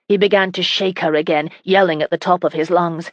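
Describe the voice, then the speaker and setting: A woman narrating a historical romance audiobook in a steady, even reading. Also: lowish voice, normal speed, no room sound, lo-fi sound. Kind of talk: scripted narration.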